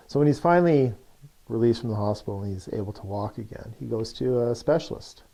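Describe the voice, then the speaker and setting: A man's voice: mid-range voice, normal speed, creaky, dark tone. A man, a coach, telling a story in a loose, chatty way with many fillers. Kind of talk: casual storytelling.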